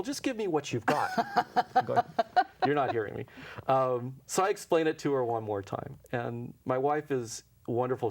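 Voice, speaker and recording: In a local TV studio, a man with a creaky, medium-pitched voice is interviewed as an intuition teacher. He tells his stories casually and anecdotally, acting out the dialogue and chuckling often.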